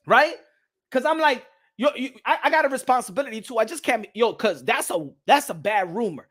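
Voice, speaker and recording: A man hosting a boxing channel in casual reaction commentary, excitable and profane, laughing often and repeating himself. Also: very high voice, fairly quick. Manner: repeats himself, bursts into yelps.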